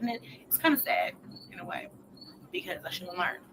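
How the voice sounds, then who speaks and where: Young mom venting real candid, cusses a lot, goes quiet and whispery, noisy clip. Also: female voice, lowish voice, lively intonation, brisk. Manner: blunt and profane, emotional, drops to near-whispers. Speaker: mother telling her story in a clip. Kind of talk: candid personal storytelling. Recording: noisy clip played in a reaction video.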